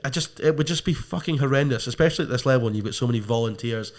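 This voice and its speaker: A young man with a Scottish accent talks at a brisk, quick pace in a loose chat. He is blunt and emphatic, leaning hard on curse words. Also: medium pitch. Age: young adult. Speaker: podcast co-host. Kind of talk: casual chat.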